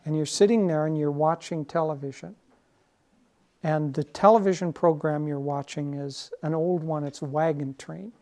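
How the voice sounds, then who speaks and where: A man's voice: a little high, steady tone, normal speed, warm tone, slight background noise. A man as spiritual teacher giving a conversational, lightly humorous talk.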